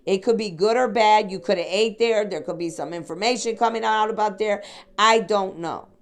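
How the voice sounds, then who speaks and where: A woman from the Chicago area talks through a psychic reading in a loose, rambling way. Her voice sits at an ordinary middle pitch. She speaks straight to her listeners and checks in with them as she goes. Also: moderate pace. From Chicago area, USA. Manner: rambling, addresses listeners directly with "okay?" and "sweetheart". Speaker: psychic reader. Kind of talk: casual spiritual reading monologue.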